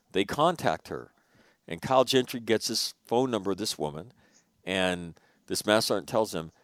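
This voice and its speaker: A man hosting an interview, telling a long story in a casual, animated way and swearing now and then. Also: lowish voice, dry recording, clean studio sound. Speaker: podcast host.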